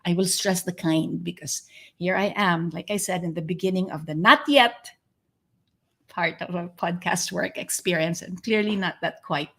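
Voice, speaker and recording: A woman's voice: on the low side, moderate pace, gravelly, a bit bright. A woman hosting an interview podcast, speaking in an earnest, effusive and reflective way. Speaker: podcast host.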